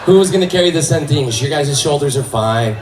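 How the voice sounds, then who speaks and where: A man from California doing stand-up on a hall stage, loudly working the crowd and shouting punchlines. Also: on the high side, lively intonation, quick pace. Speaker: stand-up comedian. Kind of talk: stand-up comedy. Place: stage in a hall, live audience. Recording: echoey hall, mic at distance, crowd noise.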